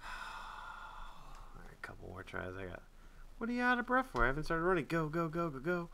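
Excitable young man gaming, lively pitch. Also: moderate pace, vocal fry, long pauses, slight background noise. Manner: excitable, swings from loud yelps to muttered grumbling; swears and trash-talks the game. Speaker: gaming channel host. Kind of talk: casual gameplay commentary.

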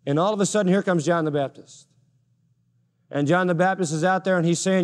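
A man's voice: high-pitched, fairly quick, a little mellow, big-room sound. A male pastor preaching a sermon emphatically, stressing his points with repeated parallel phrases.

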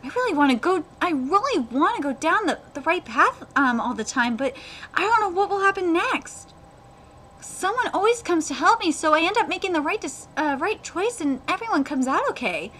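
A woman's voice: very high voice, sing-song, normal speed, pushed and bright, slight background noise, pitched above the performer's own voice, exaggerated voice. A woman reading aloud the lines of an earnest, humble teenage boy swordsman, in her own everyday voice. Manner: reads manga dialogue aloud in her own voice.

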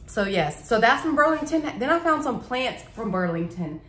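A woman's voice: fairly high pitch, big pitch swings, normal speed, fairly bright tone, echoey room, a little hiss or hum. A young woman, chatting eagerly to camera about her shopping haul, gushing over each item. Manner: gushing, chatty, says "y'all" a lot. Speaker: vlogger. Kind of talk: casual haul chat to camera. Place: home living room.

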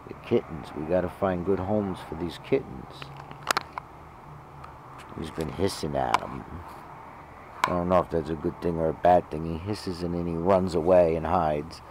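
A man's voice: sits low, unhurried, vocal fry, pauses often, darkish tone, slight background noise. A man filming his cats at home, chatting casually and cooing doting baby talk at his pets between rambling asides. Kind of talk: casual home video chat.

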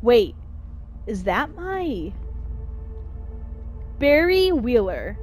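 A woman giving casual let's-play commentary on a horror game, chatty and excitable, talking to herself and shouting at the game. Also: a little high, drawn-out words, faint music behind. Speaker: gamer playing a horror game.

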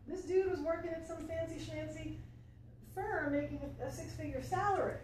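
A woman coach talks earnestly and casually to a small group, her high voice full of fillers and friendly asides. The recording is very echoey and taken from far off, with a faint hum underneath. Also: fairly even intonation, moderate pace, a little mellow. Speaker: life coach and speaker. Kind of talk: motivational talk to a small audience. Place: library event room.

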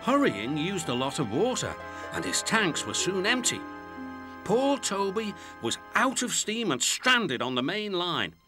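Lively male storybook narrator. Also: high-pitched, measured pace. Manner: gentle, expressive storytelling. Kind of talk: scripted children's storybook narration. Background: music.

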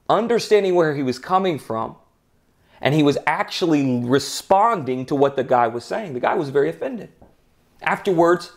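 A man hosting a podcast who gives an earnest, emphatic motivational talk and tells anecdotes. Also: fairly high pitch. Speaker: podcast host.

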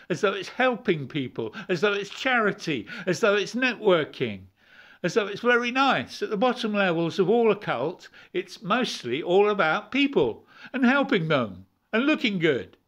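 A man's voice: fairly high pitch, a bit bright. A man preaching an informal, rambling sermon, repeating words and chuckling as he goes.

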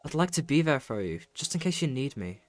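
A man's voice: mid-range voice, big pitch swings, a little fast, soft background music, lightly acted. A man reading aloud the lines of a teasing woman rancher who is a rival and mentor, putting on a character voice for game dialogue. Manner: teasing, casual read-aloud delivery.

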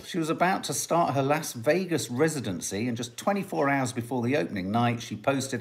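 Chatty man, lively pitch. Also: fairly quick, few pauses. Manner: chatty, jokey, musing aloud. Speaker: host of a family livestream. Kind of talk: casual live chat, reading out viewer comments.

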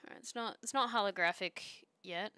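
A young woman streams and chats casually while she draws pixel art, joking and rambling with trailing restarts. Her voice is bright and crisp. She is recorded close on a dry mic. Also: mid-range voice, a little fast, dry recording.

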